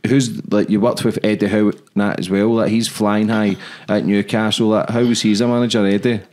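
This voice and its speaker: Give me a man hosting a casual podcast interview, slightly low-pitched. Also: flat delivery, brisk, darkish tone. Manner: chatty, swears casually. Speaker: podcast host.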